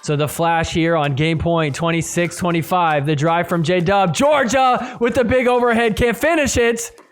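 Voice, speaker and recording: A man hosting a podcast, recapping a match in play-by-play commentary and getting loud and excited at the big points. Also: sits high, normal speed. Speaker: podcast host.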